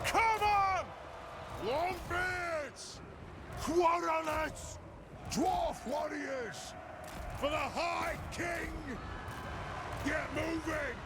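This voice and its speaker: A man voicing gruff male dwarf soldiers who bark short battle cries, as video game unit voice lines. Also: very high-pitched, heavily acted. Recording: loud battle noise behind.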